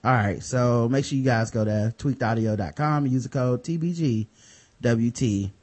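A man's voice: medium pitch, normal speed, a little mellow. A man hosting a podcast in casual chat, reading sponsor spots in a loose, jokey, profane way with lots of fillers. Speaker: podcast host.

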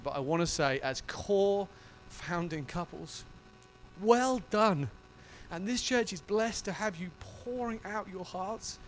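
A male pastor preaching a sermon in an emotional, effusive and animated way. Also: high-pitched, a little hiss or hum.

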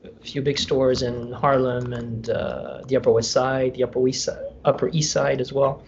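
A man's voice: mid-range voice, steady tone, normal speed, gravelly. A man co-hosting a podcast in casual chat, rambling and laughing often as he trails off mid-sentence. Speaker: podcast co-host. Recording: dull remote recording with faint noise.

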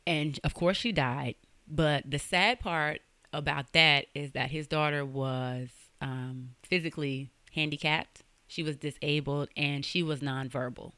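A woman's voice: low voice, fairly even intonation, measured pace, bright, forceful tone, clear, resonant tone, no echo. A young woman hosting a podcast, telling a true-crime story in a casual, slangy way and swearing freely. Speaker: podcast host.

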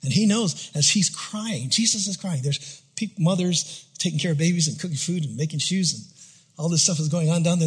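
A man preaching from the pulpit with a high, husky voice. He swings between bursts of excited intensity and hushed, near-whispered passages, pulling the congregation in close. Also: brisk. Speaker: pastor. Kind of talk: sermon.

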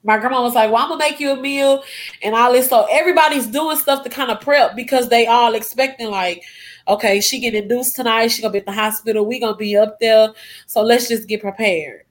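A woman's voice: fairly high pitch, brisk. A young adult woman, a guest, emotionally retelling a personal story and acting out what people said. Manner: emotional retelling with acted-out quotes.

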